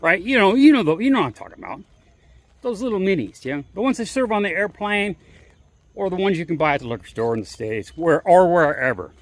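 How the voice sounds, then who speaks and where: Animated, high-voiced man rambling on a walk. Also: fairly quick, no echo. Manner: rambling, chatty, frequent 'right?' and restarts. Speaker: vlogger. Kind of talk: casual storytelling on a walk.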